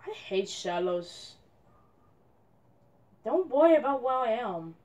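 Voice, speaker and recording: A woman's voice: fairly high pitch, big pitch swings, slow pace, a little mellow. A young woman commenting on her gameplay, frustrated and complaining at a teammate. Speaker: gamer.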